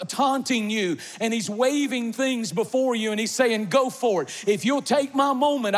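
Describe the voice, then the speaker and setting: A man preaching an impassioned sermon, swinging from quiet stretches to shouted emphasis. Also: high-pitched. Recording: long reverb of a large hall.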